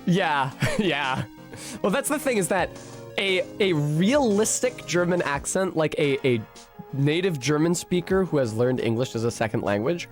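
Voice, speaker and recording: A streamer rambles casually while playing a game, animated and swearing freely. His voice sits a little high for a man. Soft music plays under the talk. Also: unhurried. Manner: animated, profane and chatty.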